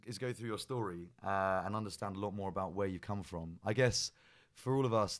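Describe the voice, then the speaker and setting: A man's voice: deep voice, dry recording, studio quality. A man hosting a podcast, chatty and rambling with many ums as he introduces his guest. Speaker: podcast host.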